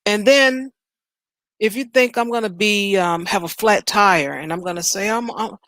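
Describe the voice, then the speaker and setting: A woman's voice: medium pitch, normal speed, a bit bright, no room sound. A woman from Chicago hosting a news reaction show from home, ranting bluntly and in exasperation. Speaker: host.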